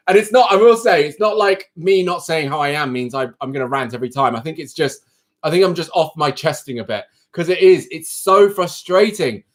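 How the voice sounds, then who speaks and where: Man, live stream host, coach, frank casual rant, slightly high voice. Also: normal speed. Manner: frank, ranting, talks straight to viewers.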